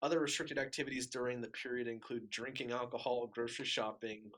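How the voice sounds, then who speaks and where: A man's voice: medium pitch, steady tone, quick pace, a bit bright. A man with a Midwestern American accent, co-hosting a casual podcast, talking in a chatty way full of fillers. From Kansas City area, USA. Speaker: podcast co-host.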